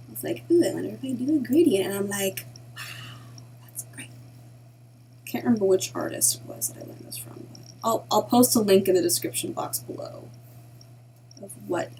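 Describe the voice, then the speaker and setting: A woman narrating a casual digital art tutorial in a chatty way, often dropping into soft half-whispered asides to herself as she works. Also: mid-range voice, breathy edge, rough recording. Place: at home at her computer.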